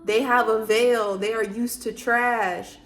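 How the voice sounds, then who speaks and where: A woman's voice: on the high side, steady tone, slow, soft background music. Woman giving an emphatic faith talk. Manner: emphatic, preachy, many rhetorical questions; loose, chatty, frequent fillers. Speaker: vlogger. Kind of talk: casual faith talk to camera.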